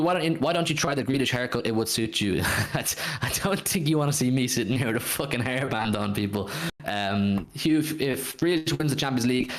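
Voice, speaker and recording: A man's voice: medium pitch, a bit bright. A man hosting a casual football fan livestream, reading out viewers' comments and swearing now and then. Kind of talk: casual live-stream chat.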